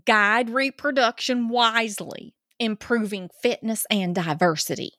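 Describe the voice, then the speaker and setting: An angry conspiracy-minded Southern woman, put on by a woman with a heavy Georgia drawl and a preachy delivery. She talks very slowly and draws out every word. The sound is dry and close. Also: on the high side, bright, forceful tone, dry recording.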